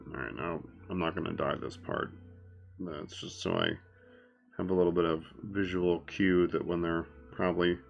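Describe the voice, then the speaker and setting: A man's voice: low-pitched, moderate pace, gravelly, muffled recording, soft background music. A man casually chatting to viewers while he works on a craft project in his workshop, mumbling now and then as he works. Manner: relaxed, mumbles while working. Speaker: toy artist. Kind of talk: casual workshop vlog chat.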